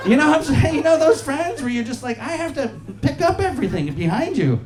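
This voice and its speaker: A man in his forties performing a stand-up comedy set on a club stage into a handheld mic, profane and animated, often acting out other people's voices. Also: very high voice, brisk. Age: 40s. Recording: live club set with crowd laughter. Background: audience laughing.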